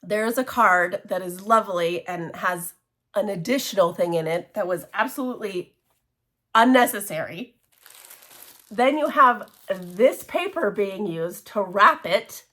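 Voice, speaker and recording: A woman chatting casually in a show-and-tell craft vlog, gushing and excitable, with many restarts and laughs. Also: medium pitch, a little slow. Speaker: cross-stitch vlogger.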